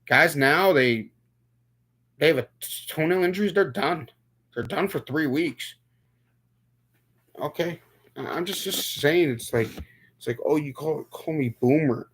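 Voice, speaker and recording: A man's voice: a little high, a little slow, long pauses, fairly bright tone, slightly rough. A young man from New York talking casually on a live stream, rambling, stumbling over repeated words and answering viewers. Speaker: livestream host.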